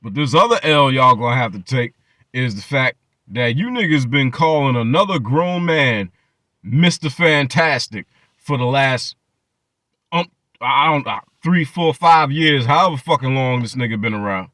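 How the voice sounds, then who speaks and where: A man's voice: mid-range voice, lively intonation, moderate pace, bright, forceful tone, no echo, clean studio sound. A man hosting his channel, ranting in profane reaction commentary and mocking people with repeated phrases. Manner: mocking, profane rants with many repetitions. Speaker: channel host.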